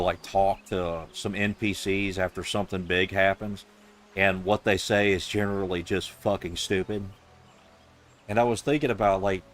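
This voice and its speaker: Male streamer with a Southern US accent, low register, sarcastic and casual. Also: fairly bright tone, slight background noise. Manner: sarcastic, offhand, profane. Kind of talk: reading game dialogue aloud with commentary.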